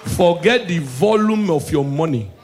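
A man with a Nigerian accent performing stand-up comedy. He mixes Pidgin and English and swings between murmured asides and shouted punchlines. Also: on the high side, animated, unhurried, some chatter behind.

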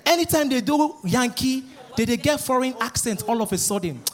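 A man with a Nigerian accent doing a lively stand-up routine, acting out the voices of the people he mocks. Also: extremely high pitch, a little fast, faint music behind. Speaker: stand-up comedian. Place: live stage.

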